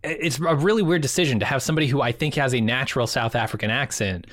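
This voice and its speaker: A man's voice: medium pitch, fast talker, a bit bright, no echo, clean studio sound. A man co-hosting a podcast in casual chat, wry and joking. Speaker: podcast co-host.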